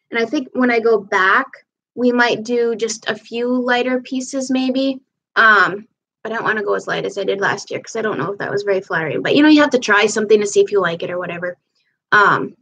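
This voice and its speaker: This livestream host, a woman with a slightly bright mid-range voice, does her makeup at home while chatting in a wandering, casual way. The audio comes from the camera mic on the stream.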